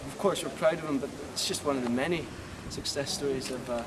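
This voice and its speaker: A man hosting a spoof town tour, talking outdoors in a rambling, deadpan way with swearing asides. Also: medium pitch, fast. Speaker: spoof town guide host. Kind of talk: mock-serious walking tour monologue. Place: outdoors in town streets, windy. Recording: windy outdoor sound, far from mic.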